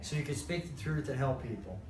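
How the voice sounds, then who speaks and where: A man's voice: mid-range voice, lively intonation, fairly quick, distant mic. A man in casual chat who keeps asking questions and steering the talk back, heard from afar. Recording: echoey room from afar with noise.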